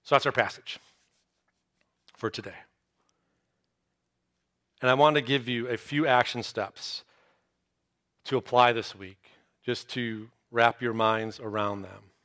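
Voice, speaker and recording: A man preaching a sermon, telling a Bible story with lively storytelling and acted-out reactions. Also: mid-range voice, takes it slowly, long pauses. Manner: animated storytelling, acts out disciples' reactions. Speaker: pastor.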